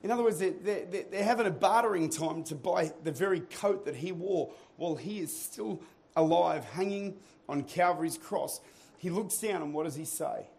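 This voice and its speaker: A man preaching a sermon to his church, moving between quiet teaching and loud, rousing calls to the congregation. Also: sits high, moderate pace, vocal fry. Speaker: pastor. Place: church auditorium.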